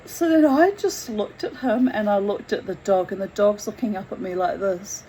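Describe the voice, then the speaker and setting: A woman telling her own story in a candid, blunt and animated way, swearing freely as she goes. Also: medium pitch, normal speed, slight background noise, rough recording. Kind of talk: candid first-person storytelling.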